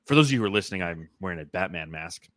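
A man's voice: low-pitched, animated, very fast, fairly bright tone, no echo. A man hosting a casual sports podcast, telling rambling, profane stories and reading fan comments aloud. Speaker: podcast host.

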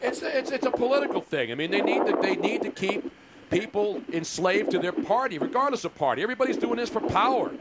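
A male talk radio host with a high voice whose pitch swings all over. He wisecracks and gives strong opinions, and clear noise sits under his line. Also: big pitch swings, quick pace.

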